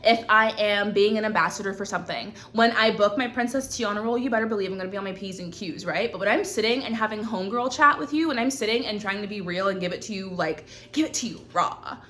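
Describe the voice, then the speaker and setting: A woman's voice: medium pitch, fast talker, few pauses, a bit bright. A woman hosting her own show, giving frank, profane advice in casual chat to camera from a hot indoor room. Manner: blunt and profane, frank girlfriend-to-girlfriend talk. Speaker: host.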